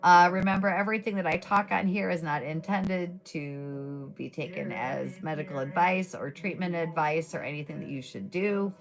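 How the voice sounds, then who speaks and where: A woman's voice: low-pitched, moderate pace, few pauses, crowd noise. A woman chatting casually on a live stream, rambling with many fillers, her throat a little scratchy. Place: at home at a table. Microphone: device mic without boom arm.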